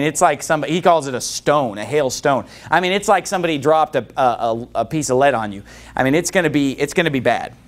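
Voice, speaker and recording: A preacher in full flight, a man with a high, ringing voice. He builds from plain talk into loud, strained shouting, then drops back down to talk through the verses. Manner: rising to shouts when worked up. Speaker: pastor. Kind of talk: fiery sermon.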